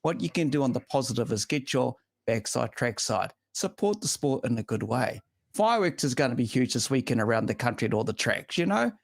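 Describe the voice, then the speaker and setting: A man's voice: medium pitch, big pitch swings, a little fast, vocal fry, no room sound, clean studio sound. A man hosting a casual motorsport chat show, speaking in long, emphatic, opinionated runs. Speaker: show host.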